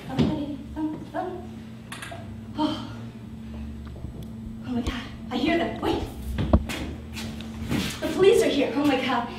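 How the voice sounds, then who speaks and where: Actress as a panicked hysterical woman, high voice, slow gasping delivery, echoey theatre from far off. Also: background noise. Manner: breathless, gasping and repeating herself in panic. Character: hysterical terrified woman witness, frantic and melodramatic. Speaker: stage actor in a comic monologue. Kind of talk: live stage monologue. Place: small theatre stage.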